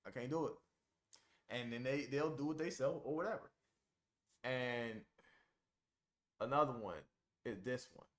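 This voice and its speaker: A man's voice: medium pitch, a bit bright. Casual man giving blunt advice. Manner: informal, colloquial, repeats points for emphasis. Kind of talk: casual advice talk to camera.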